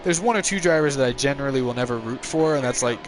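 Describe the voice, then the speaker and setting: A man's voice: medium pitch, quick pace, slight background noise. Tired young man streaming a racing game. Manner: relaxed, rambling, answers viewer chat. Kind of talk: casual live-stream chat. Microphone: headset.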